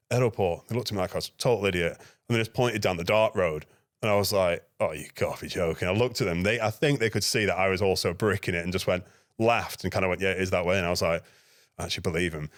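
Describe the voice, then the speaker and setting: A man, a podcast guest, telling a lively anecdote and acting out his own dialogue. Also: sits low, dry recording, studio quality. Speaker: guest, NGO security manager. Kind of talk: casual podcast storytelling.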